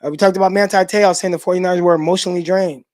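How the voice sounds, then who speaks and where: A man's voice: high-pitched, fairly even intonation, rapid-fire, darkish tone. A middle-aged man hosting a sports livestream, chatting casually and answering viewer comments in a loose, laid-back way with many fillers. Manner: talks straight to the live chat and reads out viewer comments. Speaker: sports show host.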